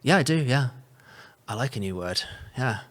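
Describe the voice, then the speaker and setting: A podcast guest from South Africa, this man speaks English with a South African trace in a medium-pitched, slightly bright, animated voice at a moderate pace. In casual conversation he's wordy and hedging, full of "sort of" and "kind of".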